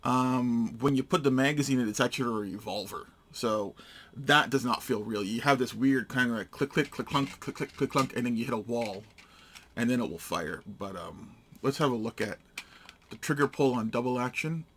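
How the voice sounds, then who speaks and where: Man, bright voice, terse step-by-step demo, faint hiss behind. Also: medium pitch, moderate pace. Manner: matter-of-fact, terse step-by-step narration. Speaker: gun reviewer. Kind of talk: casual hands-on product demo.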